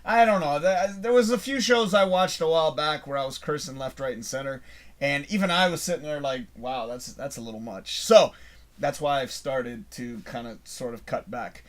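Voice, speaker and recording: His voice sits a little high and moves at an ordinary speed. He's a middle-aged man from Canada running a live show, animatedly telling a long, wandering story and dropping swear words freely.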